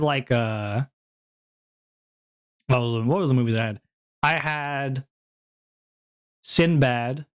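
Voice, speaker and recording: A man's voice: mid-range voice, clean tone. A young man chatting casually on his stream, rambling and self-deprecating with lots of fillers.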